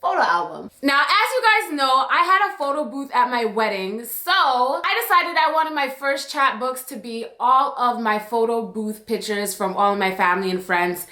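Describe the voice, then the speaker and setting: A woman's voice: on the high side, expressive, normal speed, hardly any pauses, pushed and bright. A young woman from Jamaica chatting to her viewers in a casual story-time vlog, bubbly, chatty and emotional. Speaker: YouTube vlogger. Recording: echoey room.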